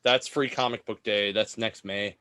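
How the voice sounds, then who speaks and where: A man's voice: lowish voice, moderate pace, clear, resonant tone. A man co-hosting a comics podcast, talking casually and rambling as he summarizes stories. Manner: rambling, relaxed, restarts a lot. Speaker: podcast co-host. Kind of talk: casual chat.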